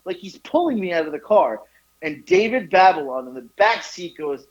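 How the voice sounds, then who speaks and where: Animated man telling a story over the phone. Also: normal speed. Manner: animated, profane, jumps into high voices for quotes. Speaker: podcast co-host telling a story. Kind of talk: casual storytelling with acted quotes. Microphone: phone call. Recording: dull lo-fi phone line.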